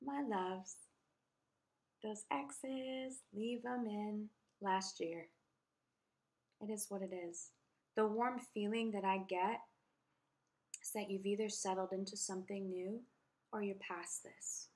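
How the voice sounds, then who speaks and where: A woman's voice: medium pitch, steady tone, takes it slowly, pauses often, a little mellow. A woman giving a tarot reading to the camera, spiritual and effusive, speaking straight to the viewer with emphasis. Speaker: tarot reader.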